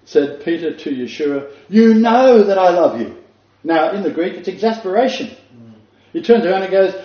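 A man's voice: high-pitched, dark tone. Older man preaching a sermon. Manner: earnest, emphatic, with asides and laughs. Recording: dull echoey room recording.

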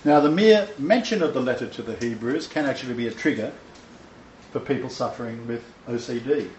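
A man's voice: mid-range voice, animated, brisk, darkish tone, roomy sound, dull audio, a little hiss or hum. A man teaching a Bible lecture to a small seated audience, emphatic and joking, with chuckling asides. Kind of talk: informal sermon lecture.

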